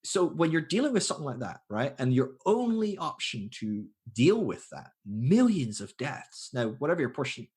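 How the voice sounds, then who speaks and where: A man's voice: mid-range voice, normal speed, few pauses, slightly rough. A man in his thirties, a podcast guest talking casually, thinking aloud with fillers and restarts and acting out quoted voices. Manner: animated, acts out quoted voices. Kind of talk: casual conversation.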